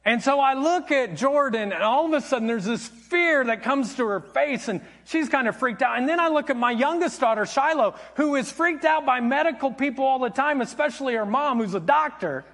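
Middle-aged pastor guy, kinda high voice, telling a family story in his sermon, chatty and wry. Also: a little fast, few pauses. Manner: conversational, animated anecdote-telling with wry humor.

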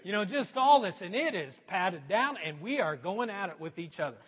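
Middle-aged male pastor, high, lively delivery, husky edge, dull echoey hall sound. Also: moderate pace. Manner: animated, swings between loud emphasis and quiet asides. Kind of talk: sermon.

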